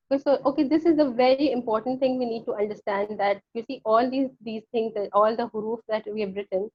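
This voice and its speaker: A woman grammar teacher talks quickly and insistently, circling back to drive each point home. Her voice sits a bit high. The sound is dull and lo-fi, like an online call. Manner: firm, insistent, repeats key points. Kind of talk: explaining grammar in a live online class.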